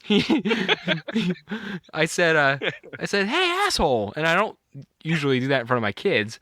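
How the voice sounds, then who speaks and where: Bright-voiced man telling a rambling story. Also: a little high, animated, measured pace, no room sound, clean studio sound. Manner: rambling storyteller, laughs at own anecdotes. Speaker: podcast co-host. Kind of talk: casual chat.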